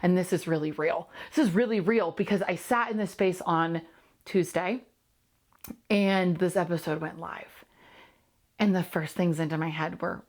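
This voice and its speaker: A woman's voice: on the low side, moderate pace, darkish tone. A woman who hosts a coaching channel, talking candidly and earnestly to camera, repeating phrases for emphasis. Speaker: host and coach. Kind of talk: candid solo monologue to camera.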